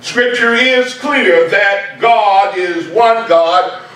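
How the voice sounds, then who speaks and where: A very high-pitched man delivers an emphatic sermon, driving home key points by repeating them. He speaks slowly and deliberately. The sound is heavily echoey and picked up from a distance in a church. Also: a bit bright. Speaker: preacher. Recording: very echoey room, mic far off.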